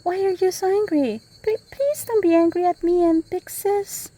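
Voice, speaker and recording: A woman's voice: extremely high pitch, moderate pace, noisy background, voice pushed up. A woman voicing a timid, lost little village girl who stammers and pleads. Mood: pleading.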